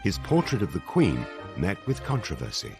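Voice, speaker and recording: A man narrating a documentary in a measured, dramatic scripted delivery. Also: low-pitched, huge pitch swings, vocal fry. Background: music.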